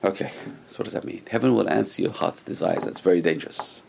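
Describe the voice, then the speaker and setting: A man's voice: low-pitched, fast talker, creaky, noisy background. A man teaching a religious class to a group, telling stories with restarts and acted-out quotes. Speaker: Torah teacher.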